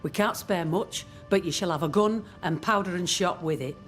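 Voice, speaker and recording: A stern commanding village leader. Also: male voice, sits high, a bit bright, faint music behind. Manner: measured, authoritative. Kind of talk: game dialogue.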